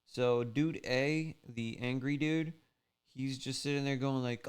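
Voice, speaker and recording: Easygoing male fishing host, loose rambling storyteller, smooth resonant tone. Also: mid-range voice, steady tone, takes it slowly. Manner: rambling, laid-back, full of "like" and "you know". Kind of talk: casual storytelling recap.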